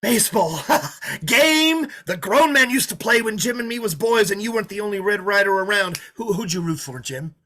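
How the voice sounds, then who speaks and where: A man's voice: high voice, animated, moderate pace. A man playing a sneering, menacing drifter. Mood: reminiscing. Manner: taunting, mocking, swings from loud to hushed. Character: menacing, sneering drifter holding a diner hostage. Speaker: actor in a play reading. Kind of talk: play read over a video call.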